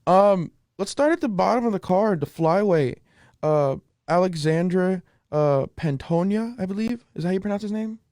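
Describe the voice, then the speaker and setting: A man's voice: high-pitched, lively intonation, moderate pace, a little mellow, no echo, studio quality. A man co-hosting a sports podcast, chatting casually and rambling through stats with many restarts. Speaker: podcast co-host. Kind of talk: casual chat.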